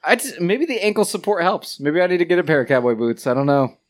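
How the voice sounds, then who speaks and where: Man, podcast host, casual and jokey, lively up-and-down delivery, a bit higher pitched. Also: fast. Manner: joking, swearing, laughs often. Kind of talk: casual chat.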